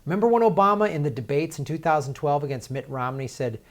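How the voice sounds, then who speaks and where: A man's voice: on the high side, quick pace. A man hosting political commentary, talking in a heated, sarcastic way with lots of filler words and restarts.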